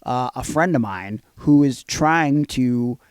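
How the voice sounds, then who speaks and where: A man's voice: mid-range voice, expressive, takes it slowly, clear, resonant tone, dry recording. A man co-hosting a wrestling podcast, talking bluntly and profanely with plenty of fillers. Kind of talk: casual chat.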